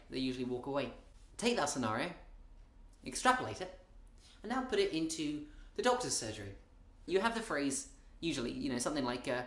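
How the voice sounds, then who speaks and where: In a roomy-sounding recording, a British comedian with a mid-range, very animated, somewhat fast and bright voice performs a comic monologue. His delivery is wry and rambling, and he keeps breaking off sentences to start them again.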